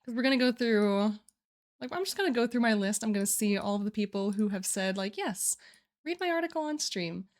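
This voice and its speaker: Talking briskly in a mid-range voice, a young woman goes through her writing challenge on a live stream. Her manner is chatty and giggly, and she often starts phrases over.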